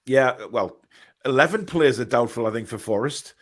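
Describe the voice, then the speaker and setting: A man's voice: medium pitch, moderate pace. A man hosting a casual football show on a video call, talking hesitantly with many fillers and reading viewer comments aloud.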